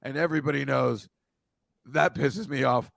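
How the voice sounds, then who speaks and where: A man's voice: medium pitch, normal speed, gravelly, a bit bright, no echo, studio quality. A man hosting a casual chat, rambling and swearing as he riffs through photos. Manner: rambling, profane, riffing on photos. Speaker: host.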